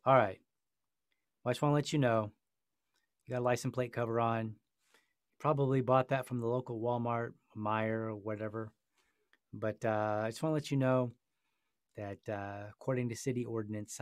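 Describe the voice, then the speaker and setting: A man voicing a calm, polite male police officer who talks in a relaxed, friendly way. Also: a little fast, long pauses, no echo, clean studio sound, close to an everyday voice. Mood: laid-back. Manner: relaxed, friendly, low-key.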